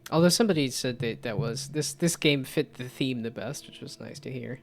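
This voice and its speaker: A man's voice: medium pitch, fairly quick, vocal fry. A man chatting casually on a live stream about his game development projects, rambling and self-deprecating.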